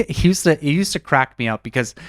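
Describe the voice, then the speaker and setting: Animated American man, dry sound. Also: fairly high pitch, no echo. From United States. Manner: animated, breaks into exaggerated accent impressions. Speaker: podcast co-host. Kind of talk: casual chat.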